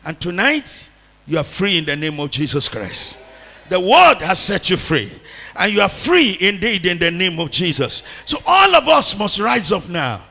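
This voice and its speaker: Male pastor, fervent sermon, lively swinging pitch, long hall reverb. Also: moderate pace, vocal fry. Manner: fervent preaching, leads congregation in call-and-repeat prayer.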